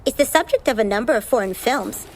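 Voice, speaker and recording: A woman's voice: fairly high pitch, animated, fast. An actress playing a dramatic, theatrical woman in a stormy marriage, breezy and unbothered, with wry asides. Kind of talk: theatrical stage acting.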